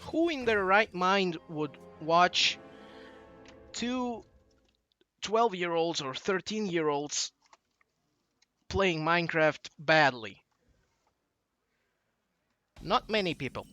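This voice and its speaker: A man's voice: high-pitched, expressive, takes it slowly, pauses often, sharp tone, soft background music. A young man in his late teens with a Russian accent, rambling through a casual monologue that drifts off track. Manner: digressive, loses his train of thought. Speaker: channel host.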